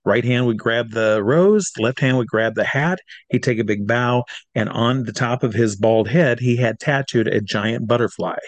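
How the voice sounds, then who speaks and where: A middle-aged man from Iowa, an entertainer telling a lively anecdote and acting out the people in it. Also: medium pitch, normal speed, no echo. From Iowa, USA. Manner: lively storyteller who acts out the people he quotes. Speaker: entertainer guest. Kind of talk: animated anecdote.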